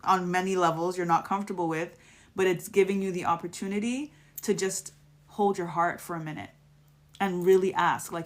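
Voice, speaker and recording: A woman's voice: on the low side, steady tone, moderate pace. A woman giving a casual, affectionate live tarot reading, spiritual and encouraging, with many restarts. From United States. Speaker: tarot reader.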